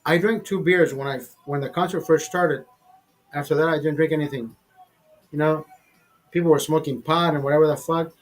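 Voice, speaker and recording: A man hosting his own vlog, telling a story in a heated, profane, animated way. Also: fairly high pitch, moderate pace. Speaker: show host.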